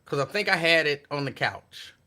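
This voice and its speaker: Bright-voiced man hosting casual talk. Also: fairly high pitch, normal speed. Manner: animated, incredulous, talks back to viewers' comments. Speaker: talk show host. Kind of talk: casual live-stream chat. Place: home.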